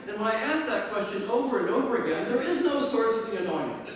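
A man's voice: high voice, expressive, quick pace, slight background noise. A man preaching a sermon as pastor, telling stories with a conversational, self-deprecating humor. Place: church sanctuary. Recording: echoey church hall from far off.

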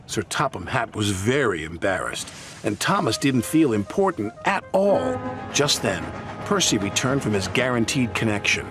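A man narrating a children's storybook in a lively storytelling manner. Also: fairly low pitch, moderate pace, music in the background. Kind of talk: storybook reading.

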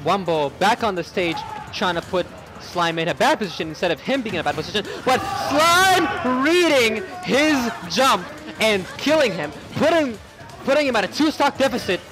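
A young Canadian man doing excited, stammering play-by-play commentary at a loud tournament, shouting over a cheering crowd. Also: high voice, moderate pace. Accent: Canadian English. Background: crowd cheering and music.

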